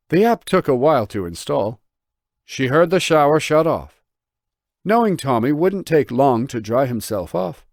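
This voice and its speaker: A man narrating an audiobook in a lively, expressive reading. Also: medium pitch, no room sound, clean studio sound.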